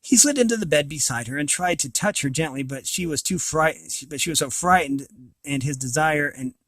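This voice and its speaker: A man's voice: a little high, animated, moderate pace, fairly bright tone, dry recording. A man reading a novel aloud, with occasional slips and restarts. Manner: reads with small slips and restarts. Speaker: reader of an audiobook.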